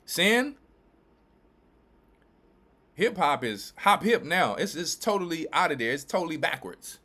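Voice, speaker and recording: A man from Louisiana and Texas, a church elder and pastor, giving emphatic, repetitive preaching commentary with quick restarts. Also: fairly high pitch, very animated, bright, forceful tone.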